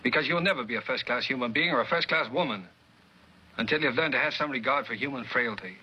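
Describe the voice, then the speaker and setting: A stern Mid-Atlantic gentleman. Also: mid-range voice, fast, breathy edge, highs cut off. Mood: reproachful. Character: stern man coolly rebuking a woman. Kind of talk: 1940s film acting.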